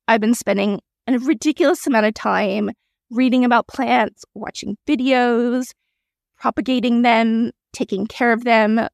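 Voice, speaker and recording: A woman's voice: fairly high pitch, moderate pace, creaky, no echo, clean studio sound. A woman hosting her own podcast, talking alone in a chatty, candid way with frequent small laughs and asides. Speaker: podcast host. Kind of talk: solo reflective podcast talk.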